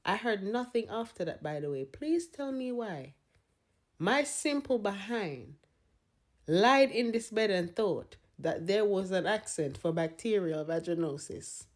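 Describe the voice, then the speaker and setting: A woman's voice: mid-range voice, expressive, measured pace. A young woman doing comedic rants and mock courtroom sentencings with an exasperated, sarcastic delivery. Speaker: comedy content creator.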